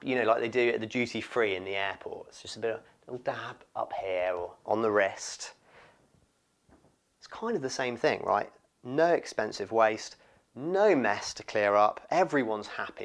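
A man preaching a sermon, expressive and lively, often acting out what people in the story say. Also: medium pitch, moderate pace, creaky. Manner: expressive, acts out quoted voices.

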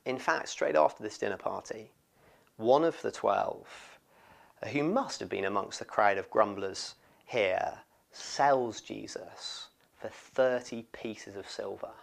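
A man preaching a sermon, expressive and lively, often acting out what people in the story say. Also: fairly low pitch, slow, gravelly. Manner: expressive, acts out quoted voices.

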